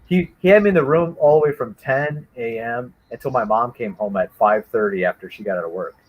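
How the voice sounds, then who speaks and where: A man telling a childhood story in casual chat, rambling and animated, with many restarts. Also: medium pitch, brisk, poor audio. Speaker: guest storyteller.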